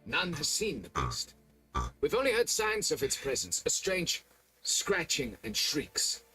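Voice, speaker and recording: A man's voice: a little high, wildly swooping pitch, measured pace, pushed and bright, soft background music, full character voice. An actor playing a pompous, condescending nobleman in a video game, fussy and demanding. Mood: grave. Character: pompous middle-aged nobleman, haughty and demanding. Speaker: vineyard owner hiring a monster hunter.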